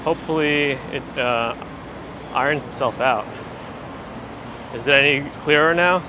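A man's voice: a little high, unhurried. A man hosting a walking livestream on city streets, chatting casually and reading viewer comments aloud in a perky way. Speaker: livestream host. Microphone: handheld phone gimbal mic. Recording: noisy outdoor street audio. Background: street traffic.

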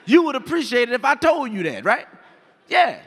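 A man doing a stand-up comedy set on stage, telling stories with animated delivery and acting out the voices of people in them. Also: very high-pitched, fast, husky, long reverb tail. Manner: animated storytelling, acts out voices. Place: comedy stage before a live audience.

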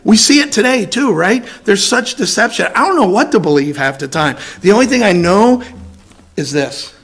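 A man serving as assistant pastor, preaching an evening sermon in a hoarse, raspy voice, reading scripture and adding folksy, self-deprecating asides with some throat clearing. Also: sits high, animated, moderate pace, fairly bright tone. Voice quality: raspy, scratchy. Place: church sanctuary.

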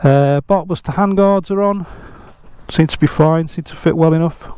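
A man's voice: fairly high pitch, normal speed, warm tone, smooth, no room sound. An older man, chatting casually outdoors beside his motorbike in a rambling, self-deprecating way. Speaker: motorcycle vlogger. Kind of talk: casual vlog chat.

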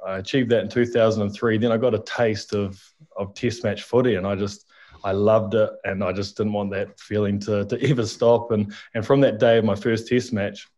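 A man's voice: lowish voice, flat delivery, moderate pace, a little mellow. A New Zealand man in his thirties, a podcast guest talking reflectively, hesitating with ums. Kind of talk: casual interview chat.

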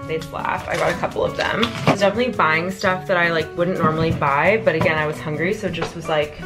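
Loud music plays behind a young lifestyle vlogger who talks fast in a low, fairly even voice. She chats casually to the camera at home, in the kitchen and indoors, joking at her own expense and using lots of fillers.

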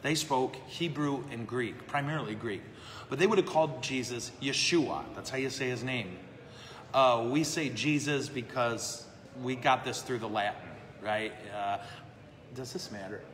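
A man's voice: medium pitch, measured pace, fairly bright tone. A man, a priest hosting a live question-and-answer show in a brewery, talking casually and joking about himself, often checking in with "okay?" and "right?". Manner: joking, self-deprecating, asks the room "okay?" and "right?". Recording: long reverb, faint ambient noise.

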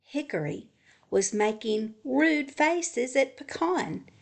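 A woman librarian reading a children's picture book aloud in a gentle, expressive storytelling manner. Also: sits high, takes it slowly, vocal fry.

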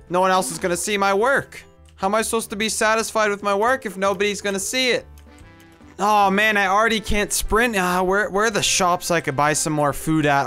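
A man's voice: high voice, bright, forceful tone. A man doing comedic game commentary, complaining in a whiny, exasperated way. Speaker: gameplay skit narrator.

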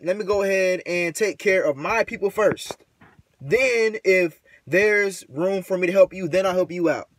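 A man's voice: high-pitched, dry recording. Rambling, slangy male vlogger. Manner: rambling, slangy, many fillers; frustrated, preachy. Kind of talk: casual rant to camera.

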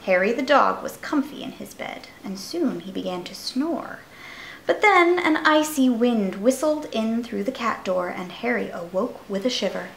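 A woman reading a children's picture book aloud, expressive, slow and soothing. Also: on the high side, creaky, slight background noise. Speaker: storyteller. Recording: roomy echo.

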